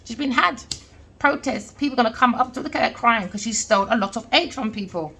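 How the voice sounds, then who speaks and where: A woman's voice: fairly high pitch, a little fast, pushed and bright, a little hiss or hum. A woman giving an emphatic, scornful tarot reading, repeating her points. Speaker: tarot reader.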